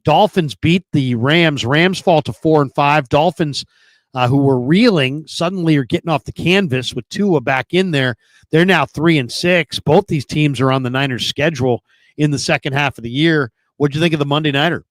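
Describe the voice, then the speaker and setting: A man hosting a sports talk stream, with a fairly high voice and a booming, excited delivery. He moves quickly between game talk and chatty sponsor plugs. The sound is dry and close, with no room in it. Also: no room sound. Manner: energetic, booming hype delivery. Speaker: sports talk show host.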